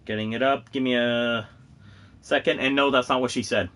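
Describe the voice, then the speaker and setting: A man hosting a casual livestream, rambling excitedly and often breaking into laughter. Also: mid-range voice, moderate pace. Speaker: host of a gaming and cosplay channel.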